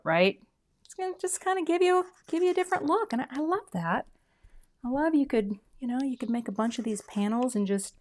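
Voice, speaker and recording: Chatty woman narrating her crafting. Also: mid-range voice. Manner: chatty, self-deprecating, drops to soft murmurs while working. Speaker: craft video host. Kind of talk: casual crafting demo chat.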